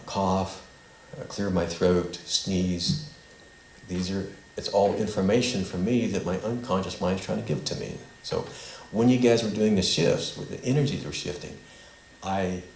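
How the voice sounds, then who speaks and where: In an echoey hall at a spiritual center, faint noise in the background, a man with a low, darkish voice speaks at a measured pace to a small group. His teaching drifts, and he leads a call-and-response recitation they repeat back.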